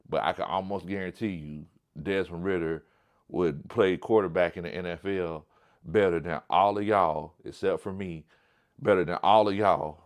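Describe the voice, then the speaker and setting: A man hosting a casual livestream sports talk show, blunt and emphatic, often repeating his point. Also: low-pitched.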